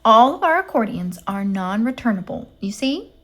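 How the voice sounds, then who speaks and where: A woman voicing an annoyingly sweet woman answering a company phone, with a too-sweet, high, chirpy manner. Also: sing-song, moderate pace, fairly bright tone. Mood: sugary.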